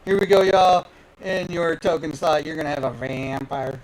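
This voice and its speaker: A man hosts a live card-opening stream, hyped and playful as he talks directly to his viewers in excited chatter. His voice is a little high at a moderate pace, and the recording quality is low.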